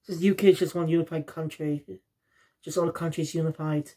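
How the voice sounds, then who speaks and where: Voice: medium pitch, steady tone, a little fast, warm tone. A reviewer from South Wales, talking in a rambling, casual way and often losing the thread.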